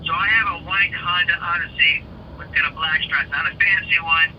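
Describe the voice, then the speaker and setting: An enthusiastic man in his sixties talks over a call, stumbling and restarting as he tells his story. His voice is a touch high, the line sounds dull and muffled, and there is clear noise behind him. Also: steady tone, moderate pace. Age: 60s. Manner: eager, talkative, stumbles and restarts. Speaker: caller, rideshare driver. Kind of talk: casual phone-in chat.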